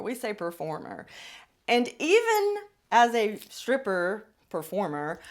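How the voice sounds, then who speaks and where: Lively, blunt woman storyteller. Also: a little high. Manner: blunt, profane, animated storytelling. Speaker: podcast host. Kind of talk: casual storytelling monologue.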